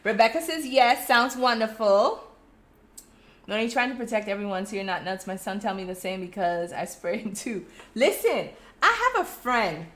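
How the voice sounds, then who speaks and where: A middle-aged woman with a Crucian accent from St. Croix, chatting casually on a live stream, reading out viewers' comments and telling stories in a friendly, animated way. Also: medium pitch, fairly quick, few pauses. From US Virgin Islands (St. Croix). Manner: chatty, animated storytelling with friendly direct address. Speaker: host of a live check-in stream.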